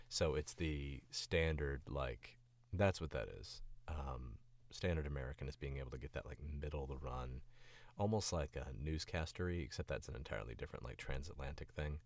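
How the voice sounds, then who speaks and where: A voice actor who is feeling sick chats on a livestream in an extremely low voice at a moderate pace, with no echo. He rambles with lots of fillers, stays animated and demos accents.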